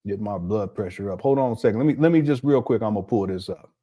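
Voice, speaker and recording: A man's voice: on the low side, expressive, fast, mellow. A man hosting reaction commentary on video clips, talking indignantly and straight to his viewers. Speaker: commentary channel host.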